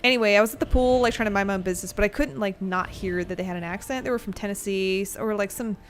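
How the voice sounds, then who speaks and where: A woman's voice: mid-range voice, fast, a little hiss or hum. A woman streaming a game, rambling through a story between fights, laughing often and swearing casually. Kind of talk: casual gameplay commentary and storytelling.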